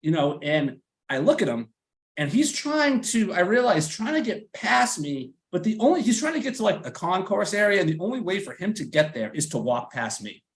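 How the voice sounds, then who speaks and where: Animated, foul-mouthed storyteller with a Boston accent. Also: male voice, high voice, moderate pace. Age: around 40. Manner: animated, profane, acts out quotes in exaggerated voices. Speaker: podcast host. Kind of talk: casual storytelling chat.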